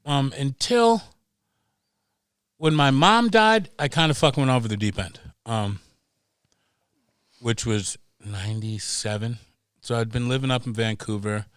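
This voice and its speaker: A middle-aged man telling stories as a podcast guest, animated and profane, acting out voices as he goes. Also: medium pitch, unhurried, pauses often, clear, resonant tone, no echo, studio quality. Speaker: guest, pro snowboarder. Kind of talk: casual storytelling.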